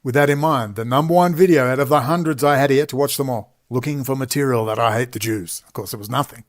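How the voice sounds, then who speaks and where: This time the middle-aged Australian man talks fast in a medium-pitched voice. He recounts a long personal story, rambling through frequent digressions and emphatic asides.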